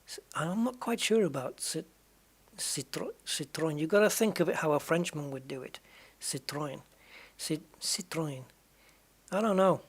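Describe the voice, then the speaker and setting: A man's voice: sits high, lively intonation, normal speed, husky. Rambling man musing over a racing game. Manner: rambling, musing and self-correcting. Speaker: gaming channel host. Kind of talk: casual commentary while playing a racing game.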